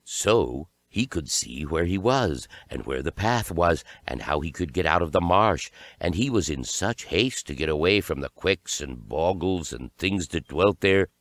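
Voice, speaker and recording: Male storyteller, very deep voice, slow deliberate read-aloud, dry mic. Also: expressive, dry recording. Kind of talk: fairy tale read-aloud narration.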